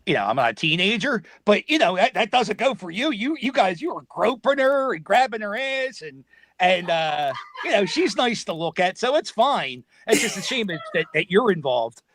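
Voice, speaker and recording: A man in casual podcast chat, halting and repetitive with a wry tone. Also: high-pitched, sing-song, a bit bright, dry recording.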